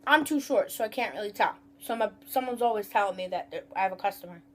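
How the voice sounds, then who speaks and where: A woman's voice: mid-range voice, animated, fast. A young woman vlogging a casual storytime rant about her job, rambling and profane, acting out customers' voices.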